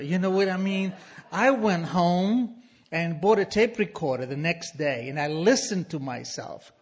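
Husky Argentine-accented storyteller, animated and wry. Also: male voice, sits high. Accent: Argentine Spanish. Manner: animated, self-mocking, wry asides. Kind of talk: live storytelling to an audience.

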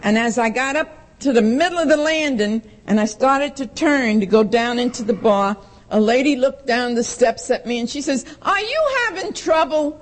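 A woman's voice: a little high, moderate pace. A woman, giving a blunt, plain-spoken personal testimony at a recovery meeting and acting out the voices of the people in her story. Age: 60s.

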